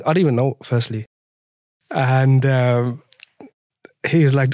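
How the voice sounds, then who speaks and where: This young French guest, speaking with a French accent, shares his story in a casual podcast interview, laughing frequently and acting out exchanges with energy. His mid-range voice has a darkish tone, a moderate pace and long pauses, captured dry at studio quality.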